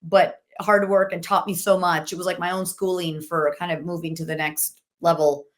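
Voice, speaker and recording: A woman who works as a voice actor, telling stories in an animated, chatty way as a podcast guest. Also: on the low side, normal speed. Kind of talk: casual podcast interview. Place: podcast recording.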